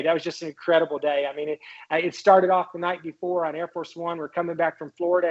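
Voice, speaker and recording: Fast-talking husky man telling a story. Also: fairly high pitch, dull audio. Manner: animated anecdote, quotes others, many fillers and restarts. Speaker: guest, congressman and former White House doctor. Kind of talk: storytelling in an interview.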